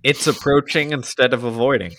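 A man with a middle-pitched voice talks through his ideas in a reflective, explanatory way. He co-hosts a podcast, and the word "like" keeps slipping into his casual phrasing. The sound is dry and close. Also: a little fast, a bit bright, no room sound. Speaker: podcast co-host. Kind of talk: casual discussion.

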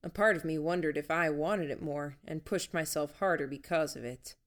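A woman reading a first-person story aloud in an even, measured storytelling manner. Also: low-pitched. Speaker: audiobook narrator. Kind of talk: first-person audiobook narration.

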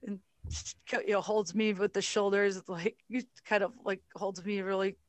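A woman, a guest telling a lively story in casual conversation and laughing often. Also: medium pitch, normal speed, no echo. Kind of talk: casual chat.

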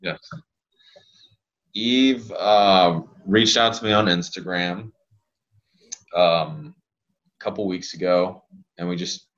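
A man, a physical therapist guest on a podcast, chatting casually and telling rambling, animated stories. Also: low voice, slow pace, long pauses, muffled recording.

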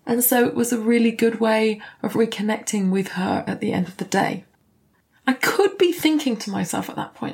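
A woman's voice: mid-range voice, moderate pace, creaky. A middle-aged woman coach talking candidly in a reflective podcast, now and then swearing. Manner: candid, warm, occasionally swears.

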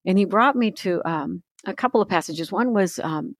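A woman's voice: medium pitch, animated, moderate pace, dry recording, studio quality. A middle-aged woman talking earnestly as an author guest in a faith interview, confiding and often quoting scripture.

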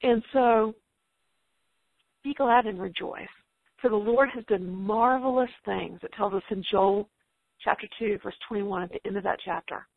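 A woman's voice: medium pitch, normal speed, gravelly, husky, no room sound. A middle-aged woman giving an encouraging Christian talk to homeschooling mothers, reassuring and quoting scripture. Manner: warm, reassuring, quotes scripture. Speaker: guest speaker. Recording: tinny phone-like line, dry.

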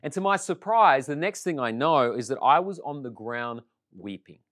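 A man giving a sermon, telling his own conversion story in an animated storytelling way. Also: medium pitch, moderate pace, dry recording, clean studio sound. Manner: storytelling, animated when quoting others. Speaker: preacher. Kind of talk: sermon with personal testimony.

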